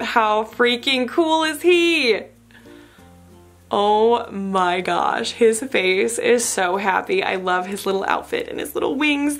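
A young adult woman vlogger opening fan mail in a gushing, excitable chat, often laughing. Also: medium pitch. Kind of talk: casual unboxing chat.

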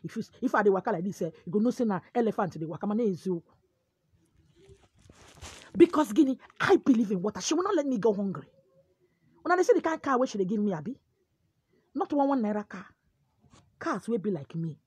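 Nigerian Igbo woman, husky higher voice, forceful preachy monologue in a dry close sound. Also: animated, a little fast, long pauses, no room sound. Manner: forceful, preachy, switching between pidgin and Igbo. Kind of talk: animated monologue.

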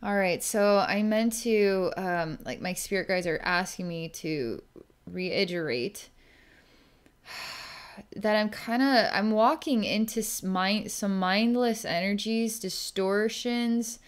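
Smooth-voiced woman narrating psychic visions. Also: medium pitch. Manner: halting, searching, describes visions as they come. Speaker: psychic healer. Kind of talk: narrating a distance healing vision.

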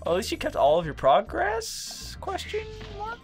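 A man's voice: wildly swooping pitch, moderate pace, vocal fry, soft background music. A man joking around while commenting on a video game with a friend, in goofy casual banter. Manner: goofy, jokey, swoops in pitch. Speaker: let's play commentator.

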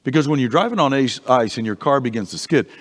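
A man teaching an adult Bible class in a church, conversational and animated, often restarting his sentences, in a reverberant hall. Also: medium pitch, fast.

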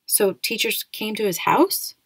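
A woman's voice: medium pitch, animated, a little slow, fairly bright tone, breathy edge, no room sound, heavily acted. A woman voicing a snide, sarcastic ten-year-old schoolboy in a storybook reading, with a mocking, needling manner. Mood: sneering. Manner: sneering, mocking questions.

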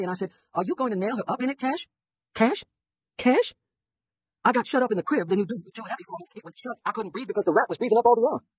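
A woman's voice: medium pitch, a little mellow, husky, poor audio. A woman reading literary fiction aloud as an audiobook narrator, narrating in first person and giving the dialogue in a rural dialect. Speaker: audiobook reader.

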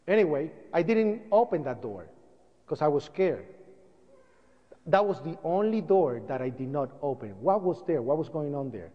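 Lively man telling a story to an audience, high voice, dull recording echoing in a hall. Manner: animated storytelling, acts out sounds and voices. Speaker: speaker recounting events. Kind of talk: public talk to an audience. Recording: dull lo-fi sound, long hall reverb.

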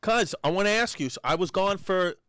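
A man's voice: high-pitched, lively intonation, brisk, a bit bright, dry recording, clean studio sound. A man co-hosting a comedy podcast, teasing his partner and telling rambling, crude travel stories. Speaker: podcast co-host.

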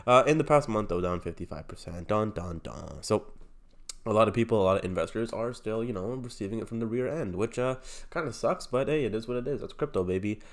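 A young man hosting his channel while sick with a cold, so his voice comes out stuffy and nasal. His pitch sits a bit low, and he rambles casually, padding his talk with "like" and "um". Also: fast talker. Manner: rambling, loose, heavy on fillers like "like" and "um". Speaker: crypto channel host. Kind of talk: casual video commentary.

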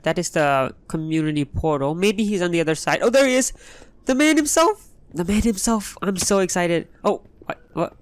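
A young man hosting a Minecraft let's play, talking in an excitable, rambling way. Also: fairly high pitch, no room sound. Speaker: gaming channel host.

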